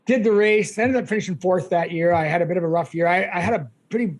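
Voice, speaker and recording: A middle-aged man with a notably high voice. He tells long, chatty stories full of fillers and often breaks into laughter. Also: quick pace. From Canada. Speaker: guest, ultramarathon runner. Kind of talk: casual storytelling.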